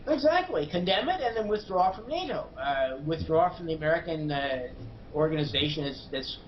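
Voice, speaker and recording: A man as a guest commentator on a news program, giving strong political opinions with many hesitant pauses and fillers. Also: on the high side, expressive. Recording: dull lo-fi broadcast audio with faint noise.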